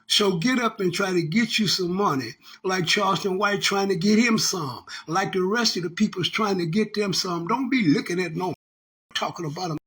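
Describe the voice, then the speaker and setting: Older man with a drawl, high husky voice, profane preachy rant. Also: a bit bright. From Texas. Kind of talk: casual monologue rant.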